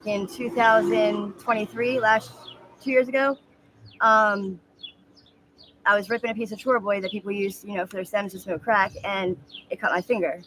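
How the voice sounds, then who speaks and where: A woman in her thirties telling her story in a candid, halting street interview with many fillers. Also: medium pitch, fairly even intonation, a bit bright, a little hiss or hum. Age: 30s.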